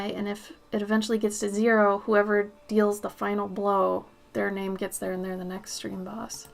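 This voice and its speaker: A woman's voice: mid-range voice, gravelly. A young woman chatting casually with viewers while she paints on a live stream, a bit sniffly from allergies. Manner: chatty, reads out and answers viewer messages, swears when she sneezes. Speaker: art streamer.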